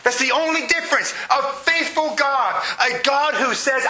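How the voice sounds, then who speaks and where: A man in his late thirties preaching a sermon in a church, animated and sometimes shouting out exclamations. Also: very high-pitched, measured pace, few pauses. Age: 30s. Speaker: pastor. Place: church sanctuary. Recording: echoey room with faint hiss.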